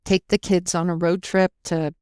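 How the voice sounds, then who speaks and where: A smooth, clear-voiced woman in her forties chats easily as a podcast guest, trailing off into fillers and acting out what others said. Her voice sits close and dry on the mic, with no room sound. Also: fairly low pitch, level tone, normal speed, a little mellow, no echo. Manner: chatty, full of fillers and quoted asides. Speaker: podcast guest, brewpub co-owner. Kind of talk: casual interview chat.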